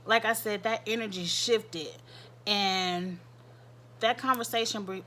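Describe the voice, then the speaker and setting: A chatty woman recapping a reality show in a casual commentary style. Her voice is bright and forceful, and she keeps circling back to repeat her points for emphasis. A faint hum of noise sits under her voice. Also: medium pitch.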